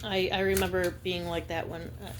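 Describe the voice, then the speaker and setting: A woman giving a spiritual reading in a blunt, fervent way, halting often to restart her sentences. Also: lowish voice, level tone, background noise. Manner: emphatic, halting with many restarts; blunt and fervent, slips into slang. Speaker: intuitive reader.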